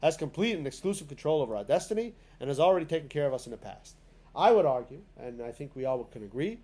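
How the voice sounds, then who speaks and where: A man's voice: on the high side, expressive, quick pace, mellow. Conversational man teaching a class. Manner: conversational, many fillers and restarts. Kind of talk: spoken lesson. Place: synagogue classroom.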